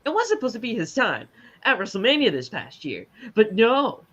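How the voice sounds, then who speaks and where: A man's voice: high voice, very animated, moderate pace, a bit bright, muffled recording. Heated man ranting, swearing often. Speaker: podcast co-host. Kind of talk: casual chat.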